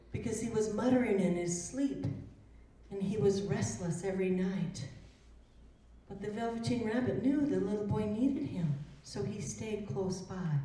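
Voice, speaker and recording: A woman storyteller telling a children's tale live in a gentle, expressive way, heard from a distant mic in a performance hall. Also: medium pitch. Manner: slow, gentle, expressive narration. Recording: roomy echo from a distant mic.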